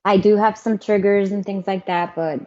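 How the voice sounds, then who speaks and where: A middle-aged woman telling her personal story as an interview guest, candid and animated. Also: medium pitch, moderate pace. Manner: candid, animated, mimics others. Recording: muffled lo-fi audio.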